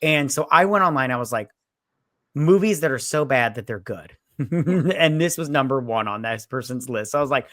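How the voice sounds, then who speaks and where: A woman's voice: very deep voice, expressive, normal speed, a bit bright, no room sound, clean studio sound. A woman co-hosting a casual movie review chat, rambling and swearing as she retells scenes and quotes the characters. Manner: rambling, profane, recounts scenes with quoted lines. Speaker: co-host.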